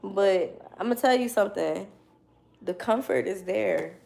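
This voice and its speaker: A woman's voice: mid-range voice, unhurried, creaky, a little mellow. A young woman telling a casual story to her viewers, loose and slangy, with frequent swearing and laughter. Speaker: tarot reader.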